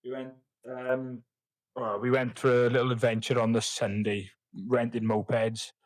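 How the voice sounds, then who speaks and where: A man's voice: medium pitch, level tone, unhurried, no echo, low-quality recording. A young man, a podcast guest telling rambling, sweary, self-mocking stories. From Wales. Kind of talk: casual chat.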